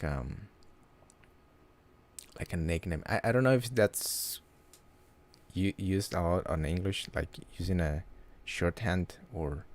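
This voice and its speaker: A man chatting casually on a livestream, halting and restarting his words often. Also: deep voice, a little mellow. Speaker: livestream host.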